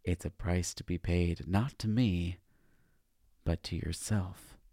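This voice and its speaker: A man's voice: sits low, steady tone, dark tone, no room sound, clean studio sound. A man playing a hissing, menacing ancient seer. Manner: hissing, slow, ominous. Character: ancient, menacing male seer with obsidian skin.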